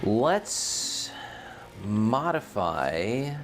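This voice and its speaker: This streamer and game host has a fairly low voice with big pitch swings and talks extremely slowly against a noisy background. Hosting a relaxed gameplay livestream, he rambles, thinks out loud, and frequently corrects himself partway through sentences.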